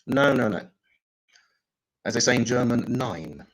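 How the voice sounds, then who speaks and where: A man performing improvised stand-up in a dry, deadpan manner. His voice sits at an ordinary middle pitch, breaking now and then into loud, mocking impressions. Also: unhurried, slight background noise, rough recording. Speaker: stand-up comedian.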